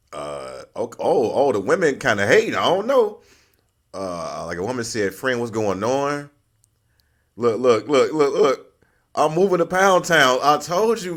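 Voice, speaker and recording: A man's voice: mid-range voice, a bit bright. A man hosting his channel, giving loose, slangy reaction commentary and laughing often. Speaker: channel host.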